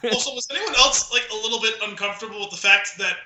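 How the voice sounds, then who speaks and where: A man's voice: high-pitched, fast, reverberant, over a noisy crowd, poor audio. A man co-hosting a podcast, chatting loosely with lots of filler words and quoting movie lines in put-on voices. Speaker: podcast co-host. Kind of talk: casual chat.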